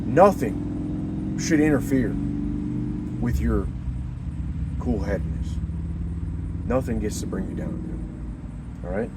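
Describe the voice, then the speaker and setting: A man's voice: medium pitch, animated, a little slow, pauses often, background noise. A young man giving rambling, earnest life advice in a casual motivational monologue, often restarting his sentences.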